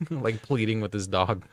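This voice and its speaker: A man co-hosting a podcast in casual chat, telling animated, profane stories. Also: lowish voice, no room sound. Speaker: podcast co-host.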